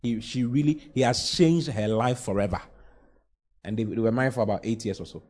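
A man's voice: mid-range voice, brisk, a little mellow. A man preaching a sermon, pushing key lines with emphatic, rising exclamations and playful mock voices. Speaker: pastor.

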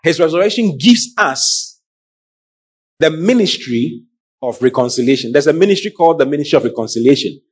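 Husky male preacher, middle-aged, slightly high voice, lively delivery calling to the congregation. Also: a little fast. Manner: animated preaching, calls to the congregation. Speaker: pastor. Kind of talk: sermon.

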